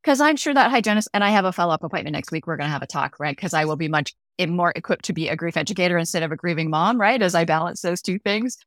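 A woman's voice: lowish voice, fast, hardly any pauses, no echo, clean studio sound. A woman speaking as a podcast guest and grief educator, earnest and conversational, often checking in with "right?". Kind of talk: conversational interview.

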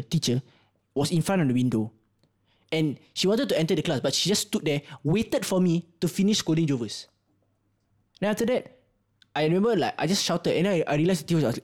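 Lively Singaporean young man storyteller. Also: fairly high pitch, brisk. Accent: Singaporean English. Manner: animated, swears freely, acts out voices in stories. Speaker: podcast co-host. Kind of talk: casual storytelling chat.

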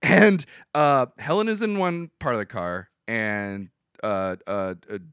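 A young man co-hosting a podcast, recapping a movie in rambling, animated casual chat with frequent laughs. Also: mid-range voice, takes it slowly, clean tone, dry recording, studio quality.

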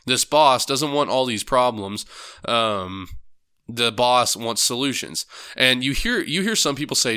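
A man's voice: medium pitch, normal speed, pushed and bright, smooth. A man hosting a book club podcast, talking casually with rambling asides, frequent swearing and self-deprecating humor. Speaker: podcast host.

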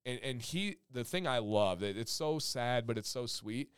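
A man in his thirties co-hosting a parenting podcast, telling stories with animated quoted voices and the odd swear word. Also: medium pitch, moderate pace, smooth, no echo, studio quality. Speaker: podcast co-host. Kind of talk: casual chat.

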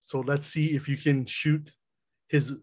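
A man narrating a tabletop game as game master, with a voice a little higher than most men's. He laughs often and trips over his words before pressing on with the scene. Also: level tone, measured pace, a little mellow, slightly rough. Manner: laughs often, restarts lines.

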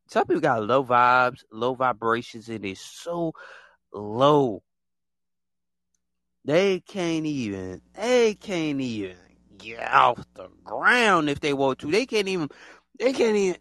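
A podcast host with a fairly high, fairly bright voice talks casually on his own in a solo monologue. He repeats himself a lot and acts out other people in exaggerated voices. There is no echo.

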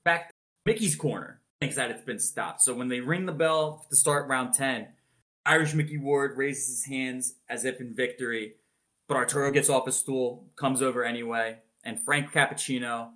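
A man with a bright, forceful voice narrates a boxing match for his podcast co-hosts. He talks casually, swears freely and keeps the story moving with plenty of energy. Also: mid-range voice, moderate pace. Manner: animated, swears freely, acts out announcers' shouted calls.

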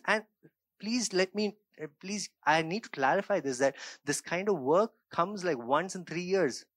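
Man, pastor preaching, fairly high voice, dry close sound, earnest, swings from quiet to emphatic. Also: expressive, normal speed, no echo. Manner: earnest, emphatic preaching with frequent "right?" and "okay?" asides; shifts between quiet reflective stretches and raised emphatic bursts. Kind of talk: sermon.

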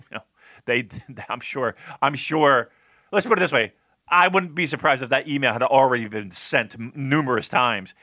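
A man co-hosting a podcast, giving animated, opinionated takes full of repeated starts and fillers. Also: medium pitch, normal speed, dry recording, studio quality. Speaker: podcast co-host. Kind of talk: casual opinionated discussion.

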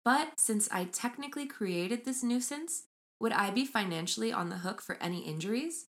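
A young woman co-hosting a casual podcast, chatting and reading a story aloud with lively mimicry of voices. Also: a little high, moderate pace. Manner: animated, mimics voices when retelling. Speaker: podcast co-host.

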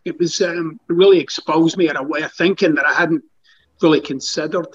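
A man with a Scottish accent softened by years in the States, an author and coach giving candid, wry interview answers. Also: on the high side, brisk, lo-fi sound, a little hiss or hum. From Scotland. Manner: relaxed, candid, wry storyteller. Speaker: author and coach, podcast guest.

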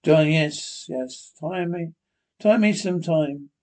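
A man's voice: a little high, takes it slowly, darkish tone. A man reading the part of a nervous, secretive husband who keeps repeating himself anxiously. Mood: tense.

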